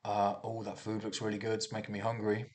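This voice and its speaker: Young guy, lowish voice, meandering swear-heavy news commentary, frequent restarts. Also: completely flat delivery, fast, darkish tone. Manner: restarts a lot, swears, muses aloud. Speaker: vlogger reviewing news. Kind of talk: casual rambling commentary.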